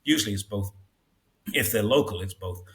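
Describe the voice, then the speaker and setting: A man in his sixties, born in Britain, chatting casually in an interview and telling stories with lively acted-out dialogue. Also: fairly low pitch, a little fast. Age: 60s. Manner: chatty storyteller, acts out dialogue in raised voices. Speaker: guest.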